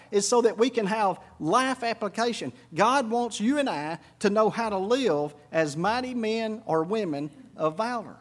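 A man preaching a sermon, swinging between quiet reflective stretches and loud, high emphatic bursts. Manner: preaching with sudden rises in pitch and volume. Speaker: pastor.

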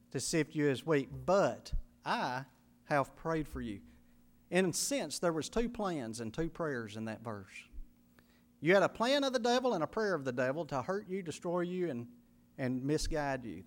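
A man preaching with a fairly high voice that leaps up and down all the time. He builds to loud emphatic peaks, then drops to low hushed asides, and acts out quoted speech and little sound effects. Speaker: pastor. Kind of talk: sermon.

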